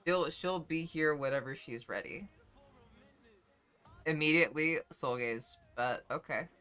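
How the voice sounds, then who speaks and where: A woman's voice: sits low, measured pace, a bit bright, smooth. A young woman livestreamer chatting casually with her viewers, emotional and close to tears, swearing freely as she reads chat aloud.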